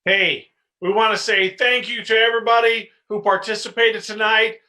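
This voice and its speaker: A man wraps up a livestream with thanks in an upbeat, casual manner. His voice is high and bright, with a forward, ringing tone. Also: steady tone, moderate pace, rough recording. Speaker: host.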